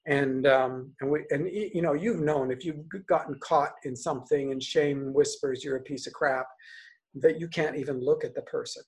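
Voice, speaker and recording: A man preaching a sermon, telling a story in an earnest, conversational way with halting restarts. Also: on the high side, steady tone, a little mellow. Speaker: pastor.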